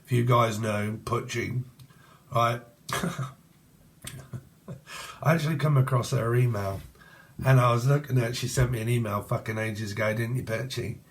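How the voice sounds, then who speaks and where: A man's voice: medium pitch, steady tone, normal speed, long pauses. Blunt, foul-mouthed tarot man. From England. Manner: swears freely and rambles, chatty and blunt. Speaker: tarot reader. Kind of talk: casual tarot reading to camera.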